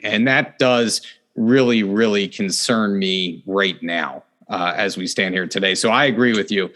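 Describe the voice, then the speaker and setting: A middle-aged man hosting a real estate podcast in casual interview chat, earnest, and he jumps up in pitch to stress a point. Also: fairly bright tone.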